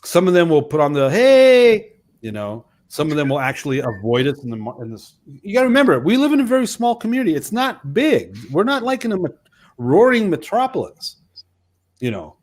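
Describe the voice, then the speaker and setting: A man's voice: a little high, fairly quick. Rambling storytelling man in his fifties. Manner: rambling, animated storyteller with many restarts. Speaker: co-host, missionary pastor. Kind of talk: casual chat.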